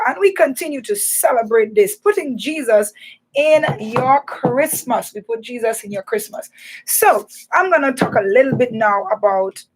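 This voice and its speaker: A woman hosting a radio show for children, talking in a playful, animated way. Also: fairly high pitch. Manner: animated, playful, laughing and teasing. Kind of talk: lively children's radio chat.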